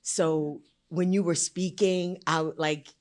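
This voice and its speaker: Low-voiced emotional woman from the audience. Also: steady tone, darkish tone. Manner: emotional, heartfelt, fast-flowing. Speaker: audience member, school paraprofessional. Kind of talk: heartfelt audience comment.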